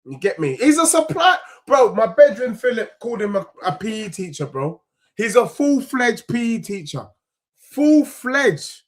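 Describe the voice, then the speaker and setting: Heated young London man ranting, high-pitched. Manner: heated, slangy, repetitive. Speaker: football fan channel host. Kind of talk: ranting match reaction.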